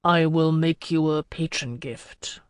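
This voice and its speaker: A man's voice: a little high, unhurried, no echo, clean studio sound, close to an everyday voice. A narrator voicing a desperate male trader who pleads in a wheedling, trembling tone, in a fantasy audiobook. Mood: pleading.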